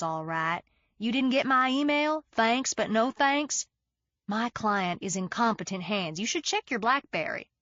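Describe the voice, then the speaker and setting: A woman's voice: mid-range voice, pushed and bright, dry recording. A smug, teasing man in his early forties drawls his jabs in an overdone hick accent, played by a woman reading the book. The sound is close and dry, with a slightly dull, lo-fi edge. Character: cocky teasing beach-bum lawyer man, early forties.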